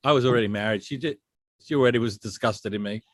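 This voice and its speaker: Podcast co-host, blunt and lively, mid-pitched, dry close sound. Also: male voice, fast talker, no room sound. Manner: blunt, animated storyteller. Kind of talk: casual chat.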